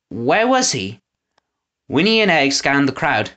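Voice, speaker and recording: A woman narrating a children's storybook. Her voice sits on the low side, yet her intonation rises and falls expressively. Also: measured pace, pauses often. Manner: expressive reading, lively intonation. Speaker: audiobook narrator.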